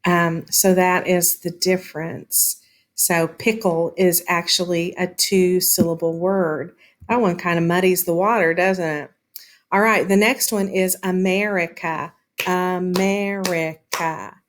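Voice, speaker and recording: A woman teaching a lesson, explaining patiently and sounding words out slowly, with frequent "um" fillers. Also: on the low side, fairly even intonation. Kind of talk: classroom lesson on syllables.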